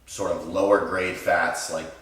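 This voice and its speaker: A man speaking as a guest coach in a casual chat, measured and explanatory, recorded in a room with roomy echo, away from the mic. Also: deep voice, level tone, a bit bright, recorded from a distance.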